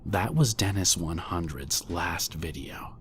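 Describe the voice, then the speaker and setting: A man reading a scripted creepypasta horror story in a hushed voice that often drops to a near whisper. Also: sits low, animated, takes it slowly, slight background noise. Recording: faint music bed under voice.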